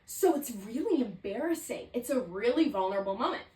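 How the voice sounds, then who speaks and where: A woman's voice: fairly high pitch, lively intonation, brisk, a little mellow, distant mic. A woman in her twenties hosting a solo podcast, candid and chatty, with lots of "like" fillers. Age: 20s. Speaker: podcast host. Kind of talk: casual solo podcast monologue. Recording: roomy, set back from the mic.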